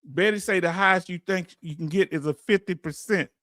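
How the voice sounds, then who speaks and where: This Southern American livestream host speaks in a high register at a fairly quick clip, his tone fairly bright. He reads out viewer comments and explains things in a loose, chatty way, captured in clean studio audio without echo.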